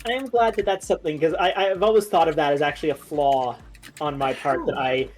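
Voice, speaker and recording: A woman's voice: low voice, steady tone, brisk, darkish tone. A woman joining a casual group voice chat who talks in a chatty, rambling, apologetic way.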